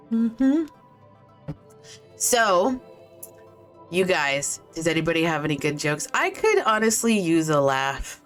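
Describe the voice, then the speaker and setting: This is a woman streaming from home, chatting loosely with her viewers through a desk mic. Her voice sits on the lower side, and she wanders from story to story with plenty of swearing. Faint music runs in the background. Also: very animated, takes it slowly, long pauses. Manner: rambling, swears freely, chats with viewers. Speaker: game streamer. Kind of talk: casual chat while streaming.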